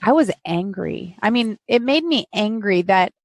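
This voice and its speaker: A woman's voice: medium pitch, lively intonation, measured pace, no room sound. Engaged woman hosting a live interview. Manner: engaged, speaks with feeling, recaps for viewers. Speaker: host.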